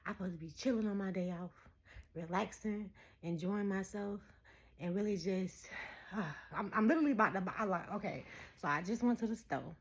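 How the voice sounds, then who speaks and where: A woman in her thirties talking straight to her viewers in a casual spiritual message, animated and preachy, laughing often. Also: medium pitch, a little fast. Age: 30s. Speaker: spiritual vlogger.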